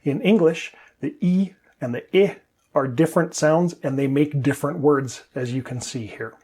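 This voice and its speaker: Male English teacher, slightly high, husky voice, patient step-by-step explainer. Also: normal speed, a little mellow.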